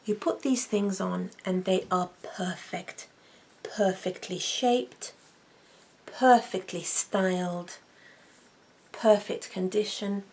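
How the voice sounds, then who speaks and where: Slow, gravelly woman chatting. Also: mid-range voice, a little mellow. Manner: chatty and gushing, repeats words for emphasis. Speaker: wig vlogger. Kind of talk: relaxed intimate chat.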